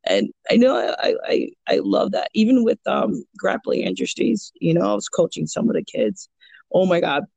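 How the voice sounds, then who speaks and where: Chatty, gravelly-voiced woman telling stories. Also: mid-range voice, moderate pace, no echo. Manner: rambling, animated, many fillers and restarts. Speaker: jiu-jitsu purple belt and kids' coach. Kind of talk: casual podcast chat, storytelling.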